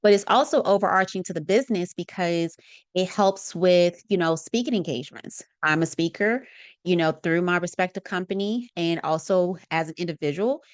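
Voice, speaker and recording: Talking at an ordinary speed in a fairly low voice, the podcast host addresses her listeners on her own show. It's a relaxed, expressive solo monologue packed with asides and filler words, and there's no room sound.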